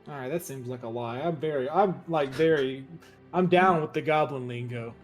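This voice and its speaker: A man's voice: medium pitch, moderate pace. A man playing a tabletop game, joking and swearing with his friends. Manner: joking, crude, teasing. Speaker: player. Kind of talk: casual banter at a game table. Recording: faint background music.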